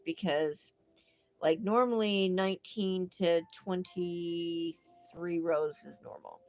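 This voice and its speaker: A woman's voice: on the low side, a little mellow. An older woman with a stuffed-up nose, chatting in a rambling way while she crochets on a livestream from a phone propped up at home. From Idaho, United States. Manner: chatty and rambling, many fillers. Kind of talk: casual chat while crocheting. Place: home craft room.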